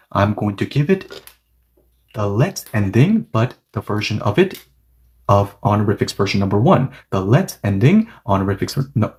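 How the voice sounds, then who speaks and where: A man's voice: lowish voice, a little mellow. A man teaching a language grammar lesson, patiently repeating and restating each point and reading example sentences aloud at several speeds.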